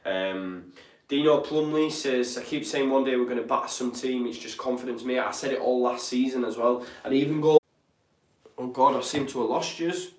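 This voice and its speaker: A man's voice: medium pitch, normal speed. A young man hosts a live football watch-along, chatty and tired, with plenty of ums. His voice is recorded in a roomy, echoey space. He sits away from the microphone, so he sounds distant. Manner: chatty, reads out viewer comments, frequent ums and apologies. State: tired, yawning. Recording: roomy echo, speaker off-mic.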